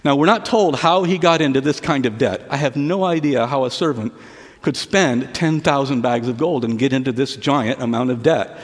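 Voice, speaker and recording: A man preaching a sermon to a church service, retelling a parable with asides and often dropping his voice low and quiet. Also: normal speed, big-room sound. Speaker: pastor.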